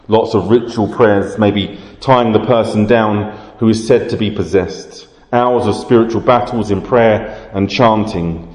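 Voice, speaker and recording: A man preaching a sermon, explaining scripture in a measured way. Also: lowish voice, fairly even intonation, a little mellow. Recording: roomy hall reverb.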